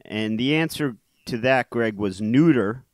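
A man co-hosting a podcast, chatting casually about crossword clues, quick to argue his point and laughing often. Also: medium pitch, no room sound. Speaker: podcast co-host.

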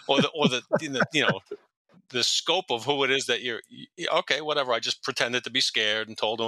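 A man telling stories in a very bright, tense voice, and the sound is close and dry. He rambles, restarts sentences and doubles back in time as he talks. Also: medium pitch, moderate pace, dry recording. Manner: rambling, self-correcting, jumps around in time. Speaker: podcast guest, retired police detective. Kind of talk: storytelling in a casual interview.

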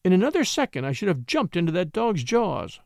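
A man voicing an anxious young widow in a storybook reading, plaintive and quick to scold. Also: sits high, big pitch swings, gravelly, no room sound, studio quality, exaggerated voice. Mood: pleading, anxious.

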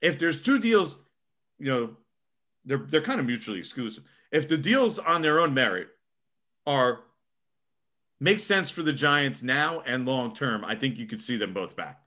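A young man giving casual sports podcast analysis, emphatic and animated, often tacking on "okay?". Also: medium pitch, normal speed. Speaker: co-host.

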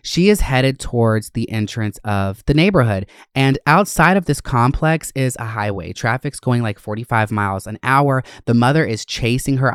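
Smooth-voiced dramatic storytelling man. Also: medium pitch, no echo, studio quality. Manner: animated, dramatic storytelling with frequent swearing. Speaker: podcast host. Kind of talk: casual storytime chat.

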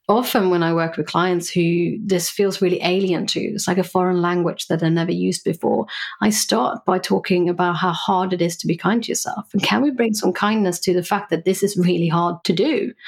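A woman, a psychologist and coach, speaking thoughtfully as a podcast guest and explaining ideas through examples. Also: on the low side. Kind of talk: reflective podcast interview.

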